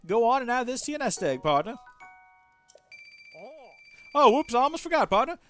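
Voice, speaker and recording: A man's voice: very high voice, very animated, moderate pace, a bit bright, faint music behind, voice pushed up, heavily acted. A man reading game dialogue aloud as a chummy, enthusiastic male newspaper reporter who keeps calling the player "partner". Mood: eager. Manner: bouncy and enthusiastic, says "partner" often.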